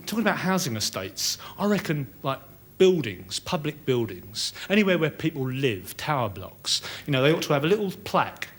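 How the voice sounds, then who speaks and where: Sardonic stand-up man, lively voice. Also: fairly high pitch, normal speed. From Britain. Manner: sardonic, rambling, chatty asides. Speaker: stand-up comedian. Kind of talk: stand-up comedy routine. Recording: noisy old stand-up recording.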